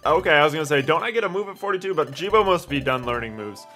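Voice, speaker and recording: Brief: excitable male let's play host with a bright, slightly high voice. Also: rapid-fire, soft background music. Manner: excitable, yells at his teammate and the game.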